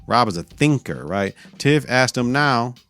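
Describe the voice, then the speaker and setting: A man's voice: medium pitch, animated, measured pace, a bit bright, dry recording, faint music behind. A male podcast host giving a casual, profane recap of a TV episode, laughing often.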